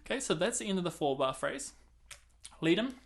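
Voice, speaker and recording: A man's voice: sits high, lively intonation, fast talker, loud music behind the voice. A man teaching clarinet, counting and singing rhythms aloud between casual explanations. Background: clarinet playing between talk.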